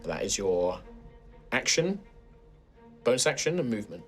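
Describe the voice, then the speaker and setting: A man's voice: medium pitch, big pitch swings, moderate pace, soft background music. A man running a tabletop game as game master, narrating at length with many fillers. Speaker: dungeon master.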